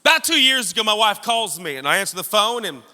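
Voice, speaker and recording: A male pastor delivers a sermon in a church hall, trading jokes with his congregation as he tells stories. His voice sits high and rings very bright and sharp. Long reverb trails each phrase through the room. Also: big pitch swings, quick pace. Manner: joking, storytelling preacher addressing congregation.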